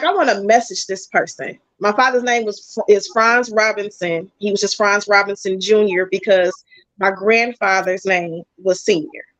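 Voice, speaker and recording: A woman guest chatting casually, telling a personal story in animated bursts. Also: medium pitch, dry recording. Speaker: podcast guest. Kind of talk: casual chat. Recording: dull, dry lo-fi sound.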